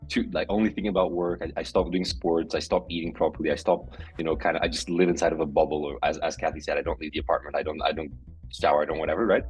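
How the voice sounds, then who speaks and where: A man's voice: extremely low pitch, steady tone, quick pace, breathy edge, faint music behind, low-quality recording. A man co-hosting a podcast, chatting openly and earnestly. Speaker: podcast co-host. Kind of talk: casual podcast chat.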